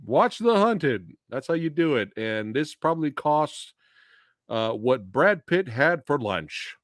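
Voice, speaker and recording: Excitable, profane man hosting a review stream. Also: medium pitch, unhurried, dry recording, studio quality. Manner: profane, excitable, laughs often, rants. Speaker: host of a movie review channel. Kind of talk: casual spoiler review chat on a stream.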